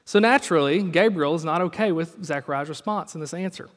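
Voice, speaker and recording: Male pastor, high voice, chatty sermon delivery, long hall reverb. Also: fairly quick. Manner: conversational, storytelling with acted quotes.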